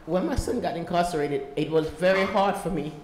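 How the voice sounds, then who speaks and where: A woman's voice: fairly low pitch, brisk, darkish tone. A woman gives an emotional personal testimony as a mother and volunteer, pleading with her listeners and pushing her voice up as she goes. The room is large and echoey, with faint noise behind her.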